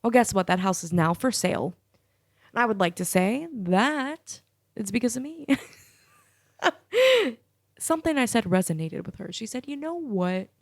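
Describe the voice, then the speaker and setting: Sassy, profane young woman with a gravelly edge. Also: on the high side, sing-song, unhurried, pauses often, dry recording, clean studio sound. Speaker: podcast host. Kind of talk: solo podcast rant.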